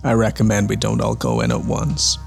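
A man's voice: on the low side, sing-song, a little fast, vocal fry, soft background music. A man playing in a tabletop game, practical and matter-of-fact. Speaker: player.

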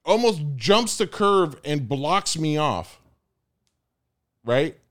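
A man's voice: a little high, sing-song, drawn-out words, a bit bright. A young American man telling a story in casual chat, acting out the people he quotes. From United States.

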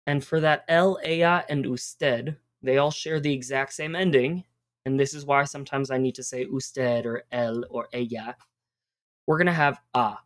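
Upbeat woman teaching Spanish. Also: extremely low pitch. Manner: upbeat, encouraging, spells out words. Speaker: Spanish teacher, podcast host. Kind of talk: casual teaching on a podcast.

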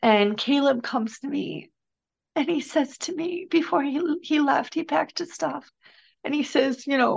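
Podcast guest: middle-aged woman, earnest and halting, raspy-edged high voice, muffled remote recording. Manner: earnest, halting, emotional recounting. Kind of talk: personal storytelling in a conversation.

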